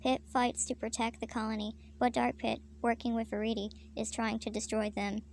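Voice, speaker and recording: A woman reads a parody fanfiction aloud with deadpan detachment. Her voice sits a bit high, with a gravelly fry and almost no melody. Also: normal speed, a little hiss or hum. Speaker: fanfiction reader.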